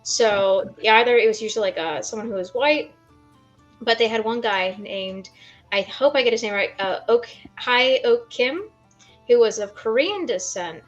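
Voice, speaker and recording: Female stream guest, fairly high voice, earnest, emotional telling, soft music behind. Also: normal speed, lo-fi sound. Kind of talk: casual stream chat.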